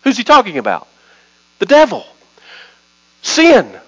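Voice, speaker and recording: A man with a notably high voice preaches a sermon. He hammers his points with rhythmic repetition and slows down for dramatic pauses as he reads scripture. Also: huge pitch swings, dull audio. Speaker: pastor.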